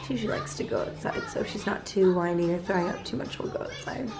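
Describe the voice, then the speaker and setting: A woman's voice: fairly low pitch, quick pace, gravelly, over music. A young woman and mother talking casually to the camera at home, chatty and rambling with lots of fillers. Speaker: family vlogger, mother. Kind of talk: casual vlog chat. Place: home, on the couch.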